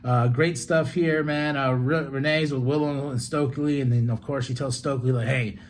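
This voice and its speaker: A man hosting a solo podcast, recapping a wrestling show in a loose, excitable way with swearing, asides and laughs. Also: mid-range voice, moderate pace. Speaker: podcast host.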